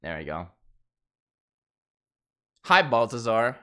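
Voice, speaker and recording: Dude streaming live, cussing, pitch all over the place, kinda drawn-out delivery. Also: male voice, sing-song, a bit bright. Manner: swears a lot, jumps to shrill outbursts. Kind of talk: casual live stream chat.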